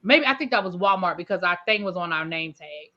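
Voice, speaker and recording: A woman's voice: fairly low pitch, lively intonation, brisk, pushed and bright, muffled recording. A woman with a Washington DC accent chatting casually, rambling and correcting herself as she goes. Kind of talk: casual chat.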